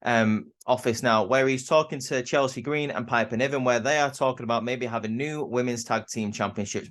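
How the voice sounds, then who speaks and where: A man's voice: mid-range voice, a bit bright. A young man giving a casual spoken review of a wrestling show, rambling and often stammering and restarting his sentences.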